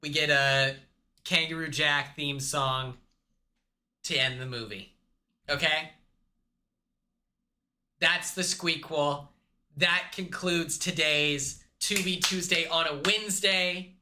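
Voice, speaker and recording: Bright-voiced man rambling a comedic recap. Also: fairly high pitch, steady tone, slow, pauses often. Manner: rambling, acts out characters in quotes. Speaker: host.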